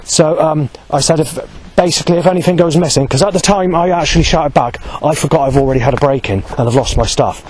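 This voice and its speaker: Man, agitated vlog rant, heavy profanity, restless self-correcting delivery, a bit higher pitched. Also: brisk, few pauses, poor audio. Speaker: vlogger. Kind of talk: angry spoken account.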